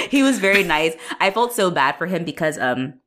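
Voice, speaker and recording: A woman co-hosting a podcast, telling a story in casual chat, animated, laughing often and acting out what people said. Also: on the low side, normal speed. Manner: animated, laughs often, acts out quotes, swears freely. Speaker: podcast co-host.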